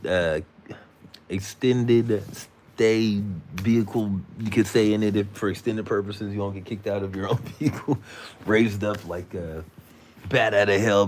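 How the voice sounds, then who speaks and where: A man's voice: fairly low pitch, a little hiss or hum. A man hosting a live stream, telling a rambling story in slangy casual talk, sounding tired. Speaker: livestream host.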